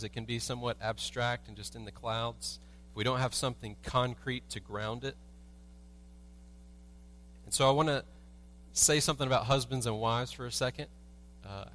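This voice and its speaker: A man's voice: mid-range voice, a bit bright, a little hiss or hum. A man preaching a sermon as a pastor in a church, telling everyday stories with humor and asking the congregation rhetorical questions. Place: church sanctuary.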